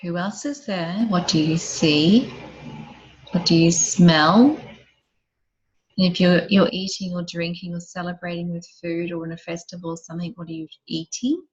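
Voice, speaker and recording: A woman leading an online group session, guiding listeners through a visualization with gentle questions that often drop soft and quiet. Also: on the low side, fairly even intonation, moderate pace, dull audio. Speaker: program facilitator.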